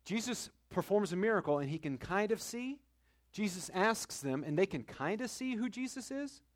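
A man preaching a conversational sermon, telling personal stories with dramatic swings between loud and hushed delivery. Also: sits high, animated, moderate pace.

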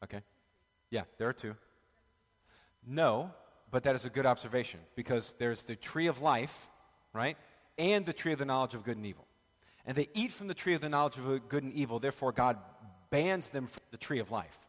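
A man's voice: medium pitch, fairly quick. A man, a pastor, leading a casual Bible study and joking with the group in the room. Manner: chatty, joking, talks with the group. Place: church room with a live group. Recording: long reverb of a large room.

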